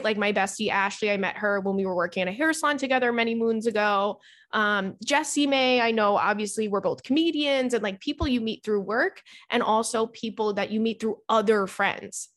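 A woman's voice: medium pitch, fairly bright tone. A woman comedian hosts a casual chat show, rambling along in a loose, chatty way. She fills her talk with "like" and swears casually as she goes. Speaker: podcast host and comedian. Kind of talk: casual chat and reading listener letters.

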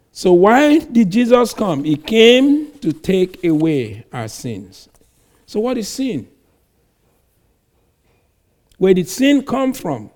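Slow, emphatic male preacher. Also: on the high side. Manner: slow, emphatic Bible reading with sudden loud stresses. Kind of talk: sermon.

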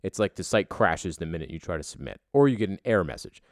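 A man's voice: deep voice, lively intonation, quick pace, a little mellow, no room sound, studio quality. A young man telling a story as a casual, exasperated rant, swearing heavily.

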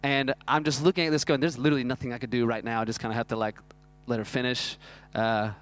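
A man, preaching a sermon that is built around a self-mocking personal story told in an animated way. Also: medium pitch, fast. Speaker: pastor.

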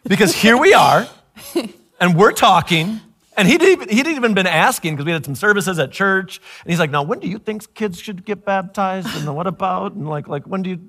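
A middle-aged pastor tells a family story sermon-style, animated and laughing as he acts out the voices. His voice is high-pitched and his delivery brisk.

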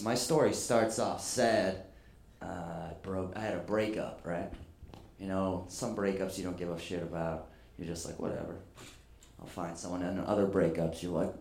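Deep-voiced male comic on stage. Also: darkish tone. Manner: conversational, self-deprecating. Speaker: guest comedian. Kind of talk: stand-up storytelling. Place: comedy venue stage. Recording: echoey live venue.

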